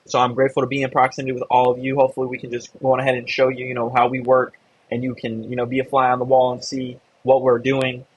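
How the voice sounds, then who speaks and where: A man's voice: medium pitch, completely flat delivery, fast talker, breathy edge, poor audio. A man hosting a live online real estate meeting, coaching a member and encouraging the audience. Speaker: host of a real estate investor community call.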